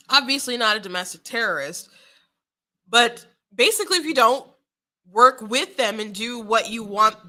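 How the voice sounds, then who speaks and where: A young woman talks through the day's politics in a loose, chatty way, laughing often and tripping over her restarts. Her voice sits a little high and sounds bright and forceful. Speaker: political commentary host. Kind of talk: casual political commentary.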